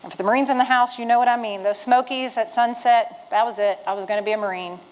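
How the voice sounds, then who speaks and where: Speaking fast before an audience of veterans in an event room, a Virginia woman in her fifties, a retired Marine, shares her life story and lively acts out the dialogue of those she quotes. Her somewhat high voice carries a motivational punch, though the recording is rough.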